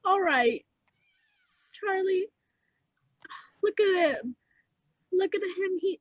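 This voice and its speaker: A young woman plays a sweet, doting dog owner who gushes and trips over her words. Her voice is very high, and it sounds dry and close with no room echo. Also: a bit bright. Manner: halting, repeats words, gushing. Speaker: improv comedy performer.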